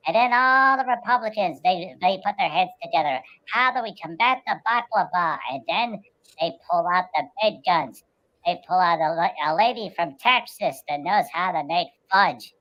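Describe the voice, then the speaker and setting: A woman's voice: lowish voice, normal speed, lo-fi sound. A woman co-hosting a casual talk show, telling absurd comic stories in a rambling way, with many restarts.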